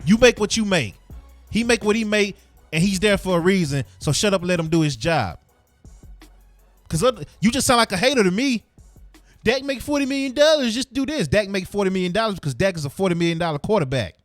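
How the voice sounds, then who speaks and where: A man's voice: high-pitched, expressive, brisk, dry recording, faint music behind. A man hosting a sports podcast, ranting heatedly in casual slang. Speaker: podcast host.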